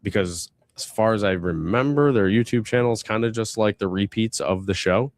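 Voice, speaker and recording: A man's voice: lowish voice, normal speed. A man co-hosting a podcast in casual, rambling chat with many fillers. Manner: rambling, lots of fillers and laughs. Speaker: podcast co-host.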